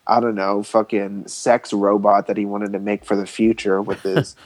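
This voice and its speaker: A man's voice: on the low side, flat delivery, moderate pace. A man in casual podcast chat, swearing freely and mocking in a sarcastic tone. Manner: profane, mocking, puts on voices in jest.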